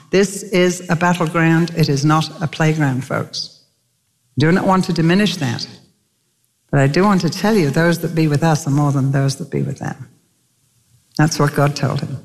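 Lady preacher telling a bible story, emphatic, voice jumps up high, long hall echo. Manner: emphatic, with sudden lifts in pitch. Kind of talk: sermon storytelling. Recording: long reverb of a large hall.

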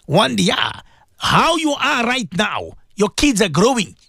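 A man's voice: high voice, sing-song, measured pace, gravelly, pushed and bright, no room sound, clean studio sound. A man preaching on the radio, addressing his listeners directly, emphatic and repetitive. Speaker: religious radio presenter. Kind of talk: impassioned radio sermon.

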